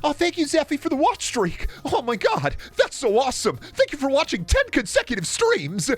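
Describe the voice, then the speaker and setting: A man's voice: huge pitch swings, moderate pace, soft background music, exaggerated voice. A squealing, gushing overexcited guy. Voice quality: squealing falsetto. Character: shrill gushing overexcited man thanking viewers. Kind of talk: mock-excited shoutouts.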